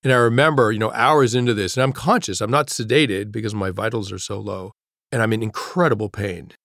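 Reflective low-voiced man telling his story. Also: vocal fry, no echo, clean studio sound. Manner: halting, reflective, drops to a hush at grave moments. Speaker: guest, author. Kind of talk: personal storytelling in an interview.

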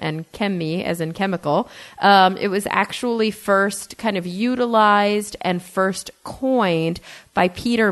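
A woman co-hosting a podcast, explaining a science term in casual, upbeat chat. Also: fairly low pitch. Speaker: podcast co-host presenting a word segment.

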